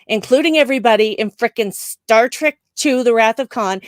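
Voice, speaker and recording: A woman's voice: on the high side, a little fast, hardly any pauses, dry recording, studio quality. A woman co-hosting a live discussion show who speaks emphatically and opinionatedly, laughing often. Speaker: podcast co-host.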